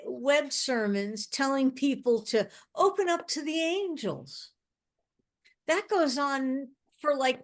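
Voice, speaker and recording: A woman fan panelist on a video call, laying out her point in a measured, deliberate way. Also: sits high. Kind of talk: casual video-call chat.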